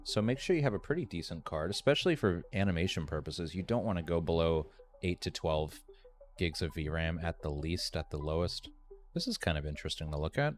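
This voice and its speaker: A very deep-voiced man walks viewers through software on a live stream, talking loosely and thinking aloud. He trails off with ums and restarts as he works. Soft music plays faintly behind him. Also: expressive, brisk. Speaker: streamer teaching AI animation. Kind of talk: live screen-share tutorial.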